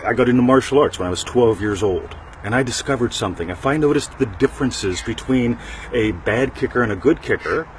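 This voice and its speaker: A man's voice: lowish voice, a little hiss or hum. A middle-aged man hosting a casual talk show, rambling and joking with frequent asides to his listeners. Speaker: podcast host.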